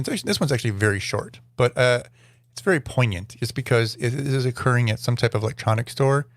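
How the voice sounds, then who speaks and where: Man, podcast host, casual commentary over clips, rambling, dry sarcasm, mid pitch, dead dry sound. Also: no room sound. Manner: rambling, self-correcting, dryly sarcastic asides.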